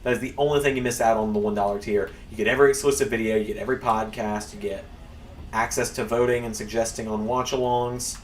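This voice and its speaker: A fairly low, steady-toned voice runs at a quick pace as this streamer and host rambles casually over his gameplay. The off-mic capture sounds roomy, backed by a faint hum.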